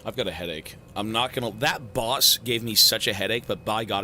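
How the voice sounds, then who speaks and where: A man with a hoarse, worn-out voice chatting casually with viewers on a gaming live stream, loose and swearing. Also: on the low side, sharp tone, a little hiss or hum. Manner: slow, loose, swearing banter. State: hoarse, sore throat. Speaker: gaming livestreamer.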